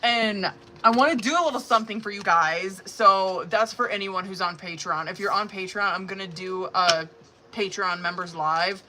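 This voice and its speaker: A woman's voice: mid-range voice, moderate pace, pushed and bright, a little hiss or hum. A woman giving tarot readings on a live stream in casual, profane, chatty talk that is full of laughs. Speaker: tarot reader.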